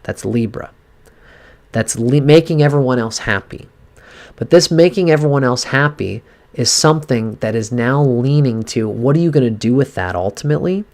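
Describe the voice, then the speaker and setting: A man in a live-streamed cold reading, speaking straight to a viewer and coaching her in an earnest, animated way. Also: mid-range voice, moderate pace. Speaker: astrologer giving a reading.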